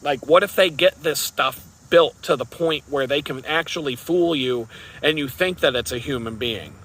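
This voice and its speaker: Male vlogger, sarcastic rambling rant, bright forceful tone, slightly high pitch. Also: normal speed. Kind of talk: casual rant to camera.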